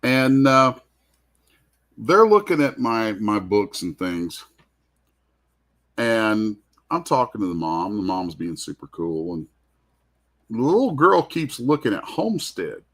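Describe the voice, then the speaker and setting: Speaking slowly with frequent pauses, this comic artist hosting an art show has a lowish, fairly bright voice with big pitch swings. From his convention booth he shares a rambling, heartfelt tale in relaxed conversation, often starting over.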